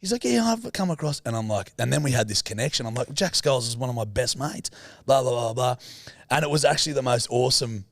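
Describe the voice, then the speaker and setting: A young Australian man co-hosting a podcast, telling sweary, animated stories in casual banter. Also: medium pitch, fast talker, gravelly, dry recording. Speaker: podcast co-host.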